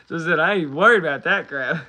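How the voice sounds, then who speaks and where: A man's voice: a little high, sharp tone. A man hosting a livestream, chatting casually, swearing and laughing between rambling remarks. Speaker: livestream host.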